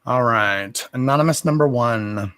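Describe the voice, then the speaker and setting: Slow, deliberate man giving psychic readings. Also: mid-range voice, a bit bright, clean tone, no echo. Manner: slow and deliberate, calls viewers "darling", says "okay" again and again. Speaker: psychic reader hosting a live stream. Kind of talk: live psychic reading, answering viewer questions.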